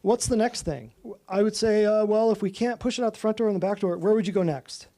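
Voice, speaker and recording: Speaking high and fast, a natural health practitioner lectures a small group in an office room. He's animated throughout, quizzing the audience, cracking jokes and laughing.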